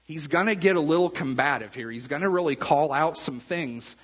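Male pastor, chatty sermon delivery, husky voice, long church-hall reverb. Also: fairly high pitch, a little fast, fairly bright tone. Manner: conversational, repeats words, asks the room "right?". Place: church sanctuary.

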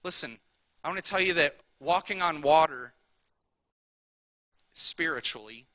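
Bright-voiced man preaching conversationally. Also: fairly high pitch, lively intonation, measured pace, no echo, rough recording. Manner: conversational preaching, repeats "right?", swings from soft asides to loud emphasis. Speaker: pastor. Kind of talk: sermon.

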